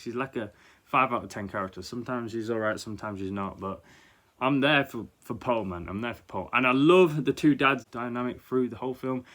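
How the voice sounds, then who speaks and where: Animated young man. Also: medium pitch. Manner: animated and blunt, swears casually, rambles with fillers. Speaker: movie reviewer. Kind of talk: casual spoken film review.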